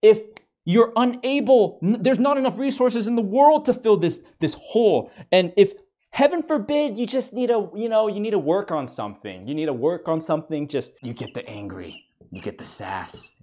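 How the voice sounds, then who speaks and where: A man's voice: high voice, animated, normal speed, mellow. A man giving a comedic mock lecture, ranting in exasperation and stammering over repeated words. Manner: mock-serious professor persona.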